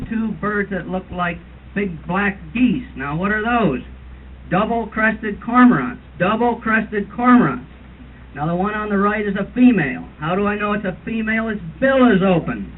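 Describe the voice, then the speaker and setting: A man doing a comic roast impression of a fussy older birding tour leader, lecturing in a mock-authoritative way and imitating bird calls. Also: sits high. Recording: tinny lo-fi 1970s tape with hiss.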